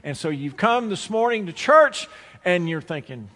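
A pastor preaches to his church in a high-pitched, sing-song voice that is bright and forceful, at a moderate pace. Folksy and full of stories, he acts out both sides of conversations, recorded in a sanctuary with long reverb.

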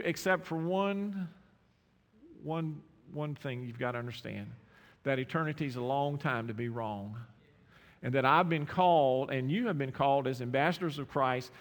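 A man preaching a sermon, impassioned, repeating words and swinging from quiet asides to raised exclamations. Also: on the high side. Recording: long hall reverb.

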